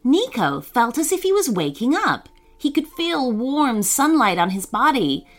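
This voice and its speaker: A woman narrating a children's story in a gentle, expressive way, voicing the children as she goes. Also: high voice, measured pace.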